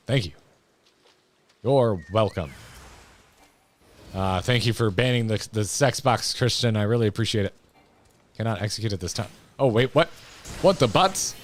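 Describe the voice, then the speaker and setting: A man's voice: fairly low pitch, normal speed, pauses often. A man streaming a video game, joking and muttering casual commentary. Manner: joking, mumbling asides, laughs often. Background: faint game music.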